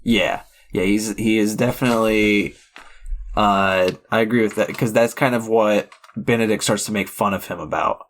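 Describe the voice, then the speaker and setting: With a lowish, slightly bright voice and a steady tone at a moderate pace, a male co-host rambles about movies on a podcast. His casual talk is packed with fillers and restarts, and there's slight background noise.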